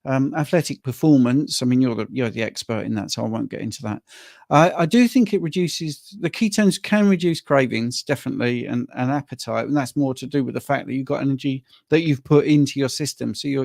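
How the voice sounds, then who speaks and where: A man's voice: mid-range voice, fairly quick, creaky, darkish tone, no echo, studio quality. A man from Wales hosting a live question-and-answer chat about diet, talking in a chatty way and often restarting words. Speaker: carnivore diet coach and host.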